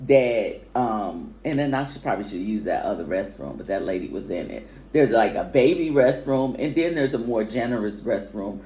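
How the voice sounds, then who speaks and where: A woman with a very low, mellow voice chats loosely about a trip. Her pitch swings widely as she rambles, and the room has a noticeable echo. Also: animated, moderate pace, few pauses. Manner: chatty, rambling, many fillers. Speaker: vlog co-host. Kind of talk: casual chat. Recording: echoey room.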